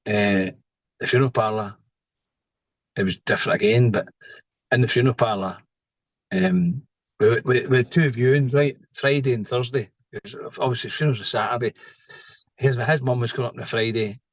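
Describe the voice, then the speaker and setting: A man's voice: medium pitch, fairly quick, pauses often, dry recording, low-quality recording. A middle-aged Scottish man, a podcast guest, telling a personal story in a rambling way, often tagging lines with "right?". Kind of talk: casual storytelling.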